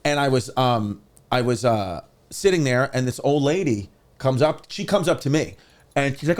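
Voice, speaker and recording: A man's voice: medium pitch, moderate pace. A man around forty, a comedian guest on a podcast, telling a long story casually and acting out the voices of the people in it. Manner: animated, acts out quoted voices. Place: podcast studio.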